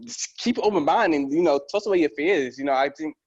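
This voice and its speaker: A man with a fairly high voice tells diving stories in a loose, rambling way, full of restarts and fillers and laughing as he goes. The sound is dry, close to the mic, with a slightly muffled, lo-fi tone. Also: expressive, a little fast, slightly rough, no echo. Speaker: guest diver. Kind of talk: casual podcast chat.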